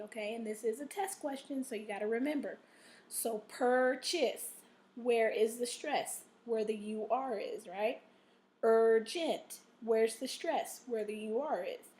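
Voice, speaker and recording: A woman's voice: on the high side, a little mellow. A woman teacher giving a recorded reading and word-study lesson to her class, checking in often with "okay?". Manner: encouraging, checks in with frequent "okay?".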